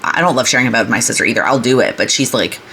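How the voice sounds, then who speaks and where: A woman's voice: extremely low pitch, animated, racing, gravelly, sharp tone. A young woman, vlogging from home in a rambling, chatty way that keeps interrupting itself. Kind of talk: casual chat. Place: home, indoors. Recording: echoey room with faint noise.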